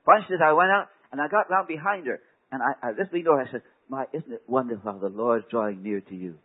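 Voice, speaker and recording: A man preaching a sermon, telling a story with dramatic swings from hushed words to loud exclamations. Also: mid-range voice, quick pace, husky. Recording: tinny phone-like recording.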